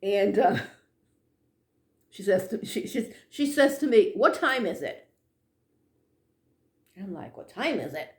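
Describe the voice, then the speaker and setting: A woman telling a personal ghost story in an animated way, dropping to hushed tones at the tense moments. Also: mid-range voice, slow, long pauses, echoey room.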